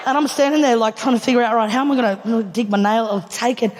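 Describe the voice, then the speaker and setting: A woman's voice: fairly high pitch, fast talker, few pauses, noisy background. Australian woman telling a stand-up story. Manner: laughing through punchlines, animated quoting of others. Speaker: stand-up comedian. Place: large theatre stage before a live audience. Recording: live theatre with long reverb.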